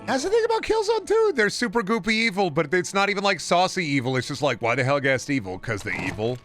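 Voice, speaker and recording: A man's voice: high voice, sing-song, fast talker, a bit bright. A man streaming a video game, rambling in casual, profane, jokey commentary. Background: game music and sound.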